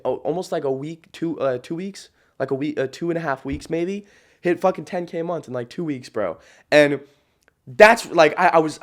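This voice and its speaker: Blunt, profane young man, slightly high voice. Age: late teens. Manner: blunt, profane, emphatic, peppered with "bro"; rambling with frequent restarts. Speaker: podcast guest, entrepreneur. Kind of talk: casual podcast storytelling.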